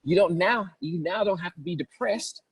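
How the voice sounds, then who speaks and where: A man leads a spiritual seminar with a husky, breathy voice and a fairly high pitch for a man. He preaches in a casual, colloquial way and acts out the voices he quotes. The sound is dry and close. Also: moderate pace, no echo, low-quality recording. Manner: impassioned, acting out quoted voices. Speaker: spiritual teacher giving a seminar.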